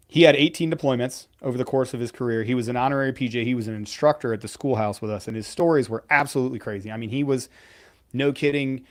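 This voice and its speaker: Male veteran co-host, forties, straight-talking and profane, mid-pitched voice. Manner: blunt, profane, storytelling. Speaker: podcast co-host, veteran pararescueman. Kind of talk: casual live-stream advice talk.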